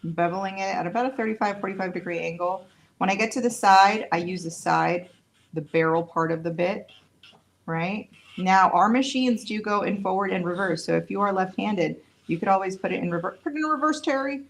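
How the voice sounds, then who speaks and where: Gravelly chatty woman demoing nail tools. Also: medium pitch, steady tone, a little fast. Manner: chatty and self-deprecating, talking while she works. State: tired. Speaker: nail tech demonstrating products on a livestream. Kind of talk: casual live product demonstration.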